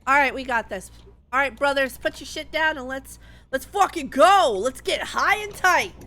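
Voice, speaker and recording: A woman streaming a game with friends, loud and playful, joking and swearing. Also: high voice, expressive, moderate pace. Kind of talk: casual gameplay chat with friends.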